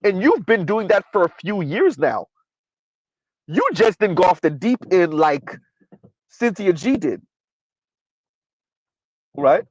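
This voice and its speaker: A man's voice: high-pitched, big pitch swings, slow, long pauses, no echo, muffled recording. A man from the United States, hosting a livestream commentary and reading out chat, emphatic and asking "right?" again and again. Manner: emphatic, repeats "right?" often. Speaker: commentary channel host.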